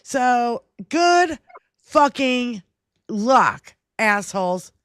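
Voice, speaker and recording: A woman's voice: fairly high pitch, very animated, drawn-out words, no room sound, studio quality. A woman co-hosting a political livestream, swearing freely and ranting at trolls in the chat. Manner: profane, combative, ranting at trolls. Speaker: livestream co-host.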